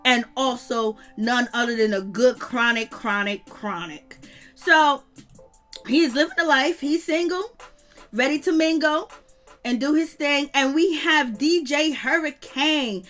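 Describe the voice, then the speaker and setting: A woman hosts her own channel with a high, bright voice that cuts through. She talks in loose slang and laughs often as she dishes on reality TV. Soft music plays faintly behind her. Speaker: channel host. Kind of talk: reality TV gossip commentary.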